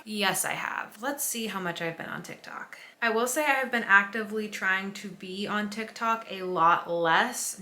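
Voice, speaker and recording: A young woman chatting casually to camera in a book vlog, rambling and excitable. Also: mid-range voice. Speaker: book vlogger.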